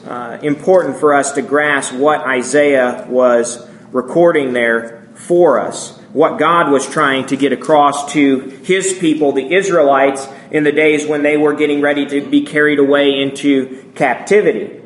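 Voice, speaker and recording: His pitch fairly high and his pace a little slow with few pauses, a man from the northern United States with a northern American accent preaches conversationally, animated and often checking in with "right?" The poor audio has an echoey room and slight background noise.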